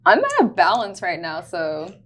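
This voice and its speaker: A woman's voice: on the low side, wildly swooping pitch, normal speed, fairly bright tone. A woman playing a tabletop game, answering briefly and giggling. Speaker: player.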